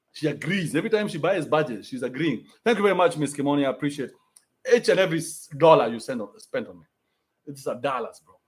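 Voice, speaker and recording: Blunt, high-voiced Kenyan man ranting. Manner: blunt, profane, combative. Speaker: livestream host reading donations. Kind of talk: ranting livestream commentary.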